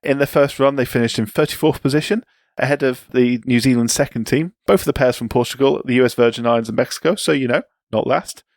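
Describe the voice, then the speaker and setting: A man co-hosting a podcast, telling sports history in a relaxed, chatty way with asides. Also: medium pitch, quick pace, hardly any pauses, no room sound, studio quality. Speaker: podcast co-host. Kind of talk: casual chat.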